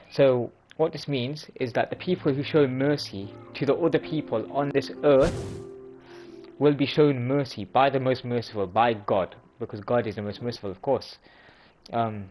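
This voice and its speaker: A man's voice: medium pitch, darkish tone, poor audio. A man hosting a religious video, explaining sayings in an informal way, often restarting and correcting himself. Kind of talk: casual explanatory talk.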